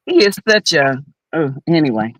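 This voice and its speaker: A woman's voice: low-pitched, very animated, moderate pace, no echo, poor audio. A woman co-hosting a casual chat show, blunt and opinionated, humming agreement while others talk. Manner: blunt, opinionated, lots of backchannel hums. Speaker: co-host.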